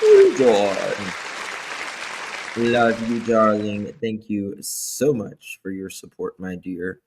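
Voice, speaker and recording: A man with a husky, slightly low voice hosts a relaxed livestream. He talks slowly and easily, and keeps breaking off to thank viewers by name. A faint crowd murmur sits behind him. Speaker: livestream host. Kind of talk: casual livestream chat.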